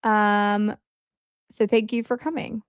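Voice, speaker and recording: Rambling woman livestream host, clear voice. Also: medium pitch, little pitch movement, takes it slowly, dry recording, clean studio sound. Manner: rambling, with frequent "um" fillers. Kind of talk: casual rambling livestream chat. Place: at home.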